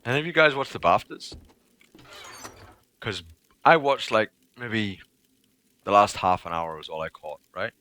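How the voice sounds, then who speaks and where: A man's voice: on the low side, sing-song, a little slow, long pauses, pushed and bright, a little hiss or hum. A man livestreaming a game, chatting casually to his viewers in a profane, rambling way. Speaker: livestreaming gamer. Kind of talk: casual chat while playing a game.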